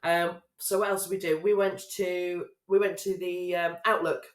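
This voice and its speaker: A woman's voice: fairly low pitch, flat delivery, normal speed. A young woman co-hosting a podcast, telling travel stories and teasing her friend. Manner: teasing storyteller, sweary. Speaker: podcast co-host. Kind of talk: casual chat. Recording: echoey room.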